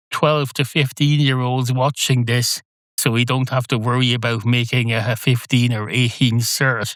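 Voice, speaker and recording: A man's voice: mid-range voice, steady tone, moderate pace, a bit bright, no room sound. A man hosting a solo podcast, talking in a wry, digressive, self-mocking way. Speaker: podcast host. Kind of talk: solo rambling monologue.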